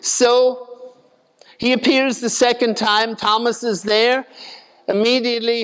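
A man's voice: extremely high pitch, flat delivery, slow pace, long pauses, a bit bright, smooth, in a large hall. A man preaching a sermon in a conversational way, acting out the voices of the people in his retelling.

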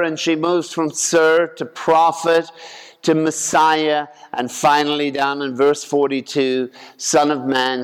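A man reads the gospel and then preaches in a slow, deliberate manner, his voice sitting a touch high for a man. His tone is smooth and resonant. The sound carries the long echo of a church. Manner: slow, measured, deliberate delivery. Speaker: priest. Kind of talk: gospel reading and homily.

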